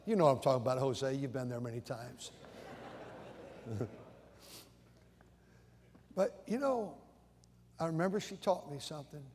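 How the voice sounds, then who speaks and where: A man's voice: mid-range voice, animated, measured pace, long pauses, darkish tone, a little hiss or hum. An older man preaching a sermon in a conversational, storytelling way, often stammering and repeating his starts. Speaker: pastor. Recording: long hall reverb.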